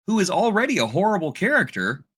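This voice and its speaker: Sarcastic male co-host, husky bright voice, mimics characters mid-chat. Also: high voice, sing-song, fast talker. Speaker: podcast co-host. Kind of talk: casual podcast chat.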